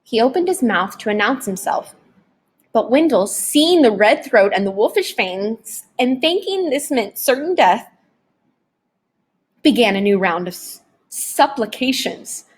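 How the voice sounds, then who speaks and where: A woman narrating a novel chapter aloud in a dramatic, expressive audiobook reading. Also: fairly high pitch, measured pace, breathy edge. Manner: dramatic, varied storytelling delivery.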